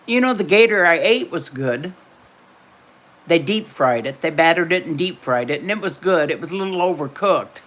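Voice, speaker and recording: A woman's voice: on the low side, animated, normal speed. An older woman hosting a casual livestream from home, chatting and answering her viewers' comments by name. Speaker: livestream host.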